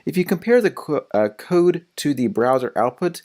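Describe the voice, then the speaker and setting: A man's voice: on the high side, sing-song, moderate pace, darkish tone. A young adult man narrating a recorded lecture on web development in a plain explanatory way, with a few small restarts.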